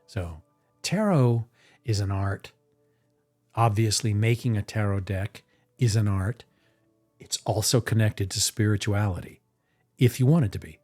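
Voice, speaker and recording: A man talking casually on a live stream about making his tarot deck, rambling and animated, restarting his sentences as he goes. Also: on the low side, a little slow, long pauses, faint music behind. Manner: rambling and animated, acting out his own reactions.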